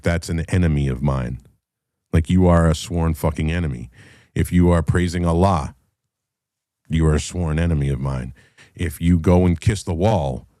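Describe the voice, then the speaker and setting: A middle-aged man hosting his own show, ranting with heavy swearing, going from low muttering to loud heated bursts. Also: dry recording, clean studio sound. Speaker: podcast host. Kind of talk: profane ranting commentary.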